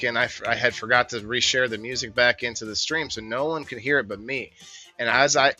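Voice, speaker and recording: A man with a medium-pitched, sharp-toned voice hosts a casual live stream. He rambles and jokes, greeting viewers in the chat by name.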